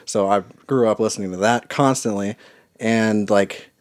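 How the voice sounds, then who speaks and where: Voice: medium pitch, steady tone, normal speed. A podcast co-host trading dry, joking quips in casual chat.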